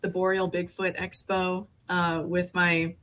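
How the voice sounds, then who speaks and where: A woman's voice: lowish voice, little pitch movement, unhurried, a bit bright. Woman in her 40s from alaska, guest on a podcast, rambles along with lots of likes and ums. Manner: rambling, many fillers and restarts. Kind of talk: casual conversation.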